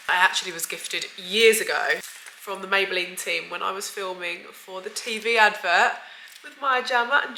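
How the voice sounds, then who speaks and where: Poor audio with a little hiss or hum captures a woman's mid-range voice, pushed and bright, as she talks to camera from indoors at home. A chatty, effusive beauty vlogger, she sounds a bit bunged up and keeps saying "like" and "guys."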